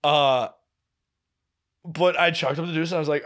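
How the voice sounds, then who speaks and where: A young man co-hosting a podcast tells a long anecdote in casual conversation. His voice sits a little above the usual male pitch. He acts out each quoted person, laughs at himself, and swears without a second thought. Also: steady tone, quick pace. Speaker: podcast co-host. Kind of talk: casual storytelling chat.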